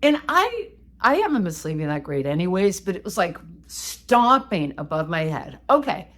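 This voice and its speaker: A woman co-hosting a podcast, telling a story in a casual, animated, self-mocking way. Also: lowish voice, moderate pace. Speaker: podcast co-host.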